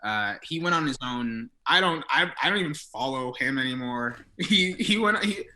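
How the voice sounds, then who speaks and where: Man playing a bright-voiced rambling drug dealer. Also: medium pitch, normal speed. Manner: rambling, deadpan tall tales. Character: deadpan male college drug dealer turned drummer. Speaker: guest playing a character. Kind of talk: improvised comedy podcast.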